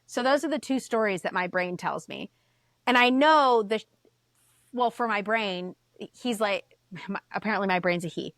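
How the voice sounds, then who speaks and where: A woman guest on a podcast, telling a story in casual chat, animated, swearing and acting out the voices she quotes. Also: medium pitch, moderate pace, dry recording, studio quality.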